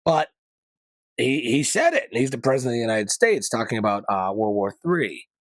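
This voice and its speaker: A man runs a casual news commentary podcast, meandering through current events with slangy, opinionated remarks and some mild swearing. His mid-range voice has a sing-song quality, moving at a moderate pace with no room sound.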